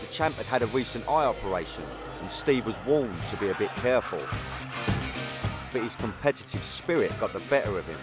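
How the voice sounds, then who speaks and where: A documentary narrator with a Cockney accent delivers scripted first-person voice-over in a conversational way, his lowish voice expressive and brisk over a guitar music bed.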